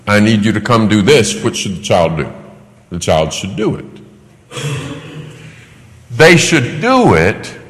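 A man's voice: on the low side, big-room sound, poor audio. A man preaching a sermon, emphatic and repeating words for effect.

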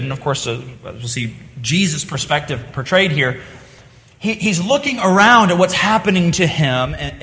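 A man's voice: sits high, pushed and bright, long reverb tail. A man preaching a sermon, earnest in tone, rising to impassioned cries when he voices the psalmist's pleas. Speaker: pastor.

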